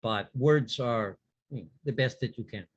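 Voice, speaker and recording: A man's voice: mid-range voice, normal speed, husky, dry recording, dull audio, close to an everyday voice. A man playing a patient, probing vampire. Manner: patient, probing, dry wit. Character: calm male vampire questioning a ghost.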